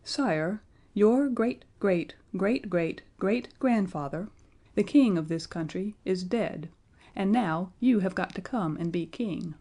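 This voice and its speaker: A grave gentleman of the court, formal and ceremonious, bowing to a new king in a storybook, as a woman puts him on. The voice stays mellow and unhurried. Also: mid-range voice, lively intonation, vocal fry, exaggerated voice.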